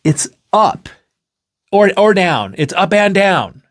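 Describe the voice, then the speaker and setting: A man doing a squeaky flat-world guy. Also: takes it slowly, exaggerated voice. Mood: pleading. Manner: high squeaky outbursts. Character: flat two-dimensional man, playful and baffled.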